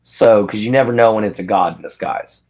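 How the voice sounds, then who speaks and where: A man's voice: fairly low pitch, fairly quick, darkish tone. A man hosting a casual livestream, chatting with viewers by name and laughing often. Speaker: livestream host.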